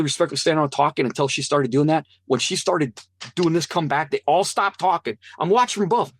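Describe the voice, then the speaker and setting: A fairly high-voiced man tells his own story as a guest, earnest and animated, slipping into the voices of the people in it. The sound is dry and close, with no room echo. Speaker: interview guest. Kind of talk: personal testimony storytelling.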